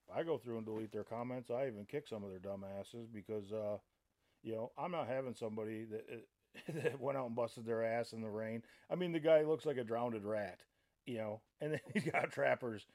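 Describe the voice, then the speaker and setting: A man's voice: mid-range voice, mellow. A middle-aged man hosting a podcast, ranting in a heated, blunt and profane way and often repeating himself. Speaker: podcast host and trapping site owner. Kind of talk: casual podcast rant.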